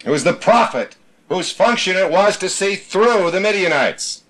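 Guy leading a bible study, emphatic, keeps repeating himself, reads scripture out loud. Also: high-pitched, animated, normal speed. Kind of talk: teaching a group Bible study.

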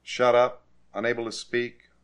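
A man's voice: mid-range voice, flat delivery, measured pace, clear, resonant tone. Emphatic male preacher. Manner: emphatic, rises to forceful repetition. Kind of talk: sermon.

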